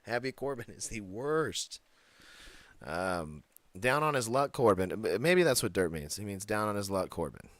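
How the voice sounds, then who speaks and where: A low-voiced man co-hosting a podcast, chatting casually and bluntly with plenty of swearing. The recording is dry and close, with no room echo. He laughs often as he talks. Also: very animated, normal speed. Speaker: podcast co-host. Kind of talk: casual wrestling podcast chat.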